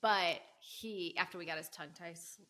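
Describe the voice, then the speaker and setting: A woman's voice: lowish voice, moderate pace, pushed and bright. A young woman co-hosting a podcast, chatting frankly and vividly about new motherhood. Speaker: podcast co-host. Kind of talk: casual chat.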